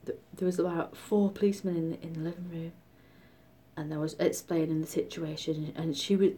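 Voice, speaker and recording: Woman, middle-aged, casual storytelling, low-pitched, animated, whispery asides. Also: fairly quick, slightly rough. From Britain. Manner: chatty, animated, often drops to a whisper. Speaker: vlogger.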